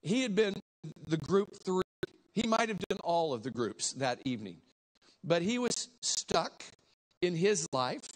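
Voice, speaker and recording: A male preacher with a fairly high voice tells a story from the pulpit with great animation. He swings between hushed asides and sudden shouted lines as he acts out the scene. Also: very animated, unhurried. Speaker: guest preacher. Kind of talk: storytelling sermon.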